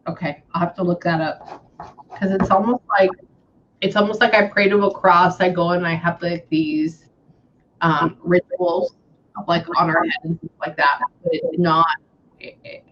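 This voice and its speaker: A woman's voice: fairly low pitch, lively intonation, moderate pace, fairly bright tone, lo-fi sound, slight background noise. A woman working as a psychic medium, chatting casually and saying "hang on" often while she passes on messages. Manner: chatty, repeats "hang on", relays quotes. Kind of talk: casual reading session.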